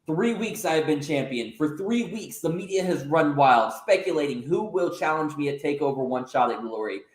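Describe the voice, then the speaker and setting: A haughty, taunting female wrestling champion, put on by a man in a raised, somewhat higher voice. She brags without pause and sneers at everyone around her. The room adds a roomy echo. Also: lively intonation, natural voice. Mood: boastful.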